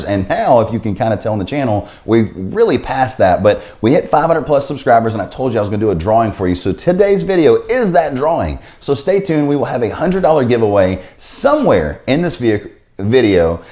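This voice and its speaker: A man's voice: medium pitch, darkish tone. A man hosting his own investing vlog, talking casually to camera with sarcastic asides and a habit of repeating stock phrases. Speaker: finance vlogger.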